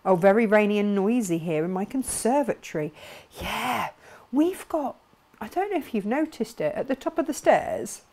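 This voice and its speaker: A woman hosting a craft live stream, chatting brightly and reading out viewer comments with frequent laughs. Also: mid-range voice, sing-song, moderate pace. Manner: bubbly, chatty, laughs often.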